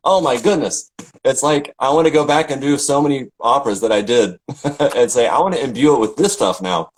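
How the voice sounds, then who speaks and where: A man's voice: medium pitch, brisk, husky, poor audio. A middle-aged man from Tennessee, an opera singer chatting casually and telling stories with lots of fillers and restarts. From Tennessee, USA. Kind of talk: casual chat.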